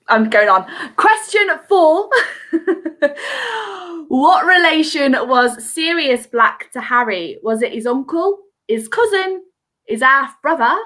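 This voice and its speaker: Giggly higher-voiced woman hosting a quiz. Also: a bit bright. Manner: chatty, giggly, reads answers in a sing-song lilt. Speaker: quiz host. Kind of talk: casual live quiz hosting. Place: at home. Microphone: video call mic.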